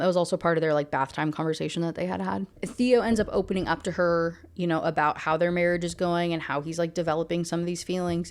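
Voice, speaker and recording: A woman's voice: on the low side, clear, resonant tone. A woman giving a casual rant review of a book, rambling and heavy on fillers.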